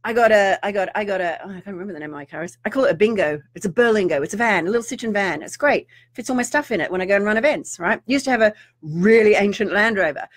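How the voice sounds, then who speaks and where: Animated woman in a rant. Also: medium pitch, quick pace. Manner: animated, ranting, mock-outraged asides. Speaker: spiritual teacher. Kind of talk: live-streamed rant to viewers.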